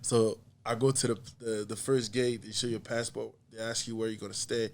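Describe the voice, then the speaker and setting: An American man, an artist and comedian appearing as a podcast guest, tells a story in a casual, animated way, acting out other people's lines and laughing often. His voice is fairly low and level in tone, and he talks a little fast.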